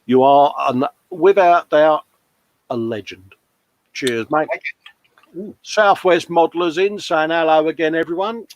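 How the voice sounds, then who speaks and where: A man's voice: fairly high pitch, unhurried, no echo. A man hosting a casual livestream, reading out viewers' comments with chatty, matey banter. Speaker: livestream host.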